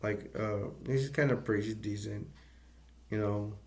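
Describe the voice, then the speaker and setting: A man's voice: fairly low pitch, steady tone, measured pace. A man casually retelling a movie's plot as a reviewer, rambling with restarts and loose asides.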